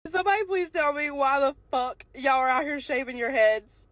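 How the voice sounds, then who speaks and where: A woman's voice: high-pitched, normal speed, a bit bright, dry recording. A woman ranting casually to camera, swearing often and breaking into incredulous laughter. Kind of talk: profane casual rant to camera.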